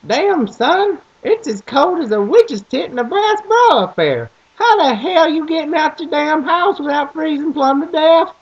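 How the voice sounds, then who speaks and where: A man voicing his rowdy older farm-country father, crude and loud with a strong Southern twang, in a dull lo-fi recording. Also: extremely high pitch, very animated, unhurried, few pauses, voice pushed up, full character voice. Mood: hollering.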